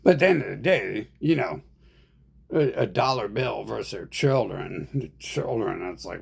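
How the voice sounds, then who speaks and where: A man's voice: fairly low pitch, lively intonation, normal speed, gravelly, husky. A man ranting in a rambling monologue, profane and agitated, speaking as an online commentator.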